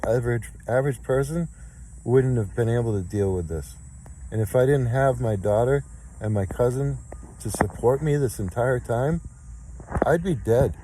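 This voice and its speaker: Guy in his 50s venting his case, mellow low-ish voice, keeps repeating himself. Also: a little hiss or hum, poor audio. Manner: aggrieved, insistent, repeats his points. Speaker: complainant recording his case. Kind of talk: emotional spoken monologue.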